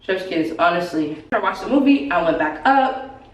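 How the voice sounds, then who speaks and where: A woman's voice: on the low side, animated, a little fast. Woman vlogging her solo trip, gushy and chatty, kinda far from the mic, echoey. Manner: chatty, gushing exclamations. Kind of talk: casual vlog chat. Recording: roomy sound from off-mic with faint ambience.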